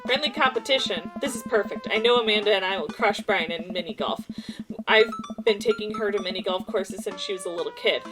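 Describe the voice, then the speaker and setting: A woman voicing a cheerful, competitive middle-aged dad who hams up pirate talk, with soft game music behind. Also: mid-range voice, fairly quick, natural voice, rough recording. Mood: upbeat. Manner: playful, mock-serious pirate talk.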